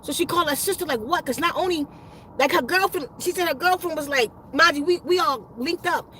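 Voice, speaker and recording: High-pitched woman rambling thru a story, cussing, lots of slang and restarts. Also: a little fast, sharp tone, slight background noise, poor audio. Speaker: spiritual vlogger. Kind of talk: casual storytelling.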